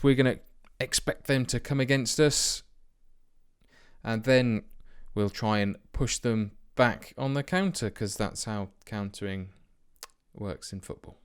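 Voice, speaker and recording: Young male let's-player, middle pitch, rambling and self-mocking commentary with excited spikes. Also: clean tone. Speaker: let's play host. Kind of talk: casual game commentary.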